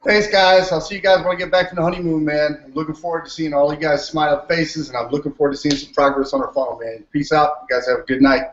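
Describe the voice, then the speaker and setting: Fast, friendly guy on a video call, roomy lo-fi sound. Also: on the high side, steady tone, a bit bright. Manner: quick, friendly, slangy. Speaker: panel member. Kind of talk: casual chat. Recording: roomy dull call audio.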